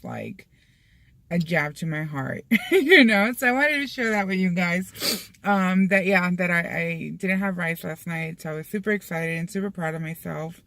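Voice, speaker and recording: A young Mexican-American woman vlogs casually to camera, her fairly low voice creaky and a bit bright, with no room sound. She fills her chatter with fillers and drops in Spanish phrases.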